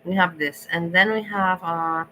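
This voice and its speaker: A woman chats casually with her livestream viewers, slipping into mocking, exasperated rants. Her voice sits a little low but sounds bright and forceful. A faint hum runs underneath. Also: steady tone, unhurried, low-quality recording. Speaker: livestream host. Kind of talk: casual chat with live chat viewers.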